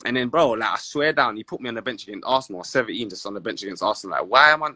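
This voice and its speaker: A young man with a London accent, a former footballer telling stories in a casual sit-down interview, animated and full of street slang. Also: fairly low pitch, very fast, dry recording.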